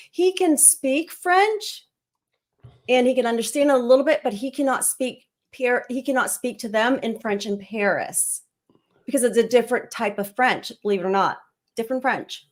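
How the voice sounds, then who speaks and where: Chatty middle-aged woman, fairly high voice. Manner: chatty and rambling, with frequent laughs and fillers. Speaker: guest on a livestream. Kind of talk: casual livestream chat.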